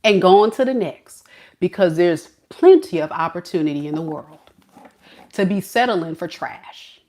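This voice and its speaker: A woman who reads tarot, talking casually to camera with a preachy, colloquial delivery and drawn-out emphasis. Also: on the low side, expressive, a little mellow. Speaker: tarot reader.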